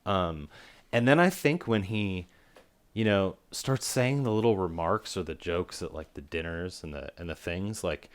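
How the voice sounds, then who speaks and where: A man's voice: low-pitched, unhurried. A man co-hosting a casual film review podcast, rambling with lots of fillers. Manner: rambling, filler-heavy, animated when making a point.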